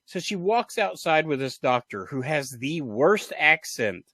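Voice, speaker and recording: This is a man co-hosting a movie podcast, chatting casually. His voice sits a little high, and he rambles through plot points with false starts and laughs. The sound is dry and close, with no room around it. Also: very animated, a little slow, fairly bright tone, dry recording. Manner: rambling, trails off and restarts, laughs at bad lines. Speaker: podcast co-host. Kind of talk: casual movie review chat.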